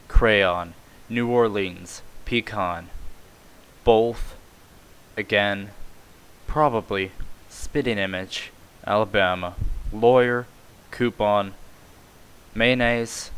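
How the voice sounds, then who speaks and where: Slow-talking, offhand man. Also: on the low side, fairly bright tone, clear, resonant tone, low-quality recording. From Canada. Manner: rambling, offhand, swears casually. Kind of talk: casual vlog.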